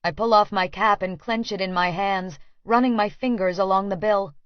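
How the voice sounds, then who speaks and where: A woman narrates a first-person audiobook in a measured, earnest way, at a middle pitch. The recording is dry and close, with a slightly dull tone. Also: steady tone, no room sound.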